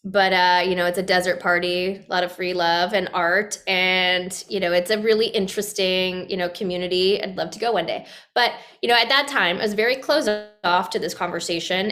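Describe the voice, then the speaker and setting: Appearing as a podcast guest, a woman with a mid-range voice tells a personal story casually and with animation. She uses lots of fillers, restarts her sentences, and acts out quoted lines.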